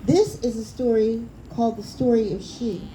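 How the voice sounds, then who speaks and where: A woman's voice: a little high, fairly even intonation, moderate pace, warm tone, rough recording. A woman telling a story live, speaking conversationally and addressing the audience directly. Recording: live recording with audible background noise.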